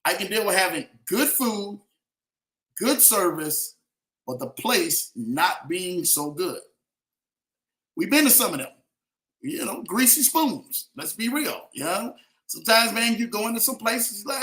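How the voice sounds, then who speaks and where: Man, motivational talk, high voice, echoey room, repetitive, emphatic, slangy. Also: expressive, normal speed, pushed and bright. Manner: preachy, repetitive, rising to emphatic peaks; casual slang, addresses listeners directly. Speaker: motivational speaker.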